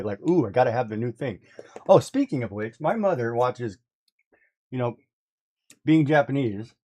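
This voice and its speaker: Chatty man telling animated stories. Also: mid-range voice. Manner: animated storyteller, laughs often, mimics his mother. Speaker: guest on a craft livestream. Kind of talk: casual chat.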